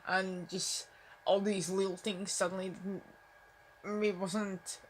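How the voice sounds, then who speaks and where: A woman's voice: medium pitch, little pitch movement, takes it slowly, slight background noise. A young woman vlogging at home on her phone, mumbling and rambling with lots of fillers. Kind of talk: casual talk to camera. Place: at home, indoors.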